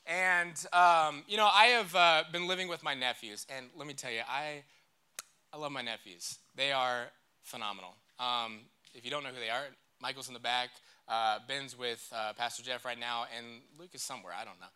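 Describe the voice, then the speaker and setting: A man's voice: mid-range voice, normal speed, sharp tone, clean tone. A young man giving a casual, joking sermon in church and leading the crowd in call-and-response. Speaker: church speaker.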